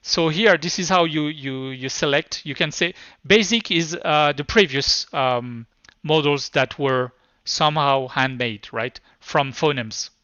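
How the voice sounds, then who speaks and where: A native French speaker with a French accent gives a live tech demo at a conference, stumbling and restarting often. His voice is a little high, bright and forceful, with no echo, though the recording sounds dull and lo-fi.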